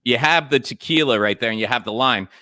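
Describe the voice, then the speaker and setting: A man's voice: mid-range voice, brisk, sharp tone, dry recording. A man telling a story in casual radio banter, laughing often. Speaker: comedian co-host.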